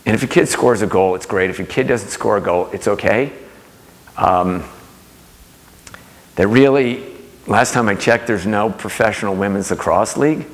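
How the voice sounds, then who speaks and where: A middle-aged man giving a talk, telling family stories and acting out the voices in them. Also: on the low side. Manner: warm anecdotal storytelling, acting out quoted voices. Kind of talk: storytelling talk to an audience. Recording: long hall reverb.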